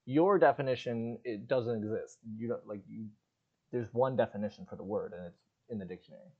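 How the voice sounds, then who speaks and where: A young man co-hosting a podcast, telling animated stories in casual chat and acting out his friends' lines. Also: lowish voice, brisk, husky, lo-fi sound. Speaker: podcast co-host.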